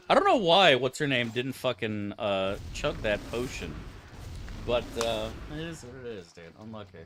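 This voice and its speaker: A man's voice: medium pitch, sing-song, normal speed, fairly bright tone, a little hiss or hum. A young man streaming a game, chatting casually to his viewers in a profane, ranting, mock-outraged way. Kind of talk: casual live-stream chat.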